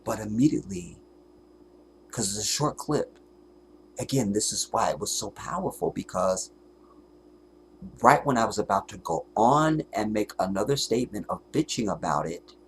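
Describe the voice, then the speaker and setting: A man delivers an emotional monologue on his own livestream, fervent and tearful, fighting back sobs, often halting and dropping to a whisper. His voice sits on the low side and is animated, with slight background noise.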